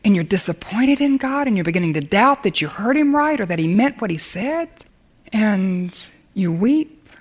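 A woman teaching a sermon in an earnest, emphatic way, sometimes dropping to a hush. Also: mid-range voice, expressive, moderate pace. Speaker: Bible teacher.

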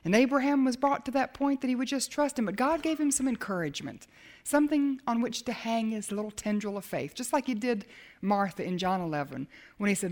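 A woman preaching a sermon as a Bible teacher, dramatic, swinging from emphatic lines to hushed ones. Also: on the high side, animated, brisk.

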